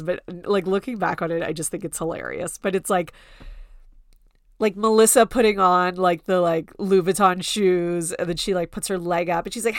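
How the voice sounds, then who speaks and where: A woman's voice: lowish voice, dry recording, studio quality. A woman hosting a podcast in a casual gossip style, chatty and full of "like" fillers, now and then mocking people in quoted voices. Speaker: podcast host.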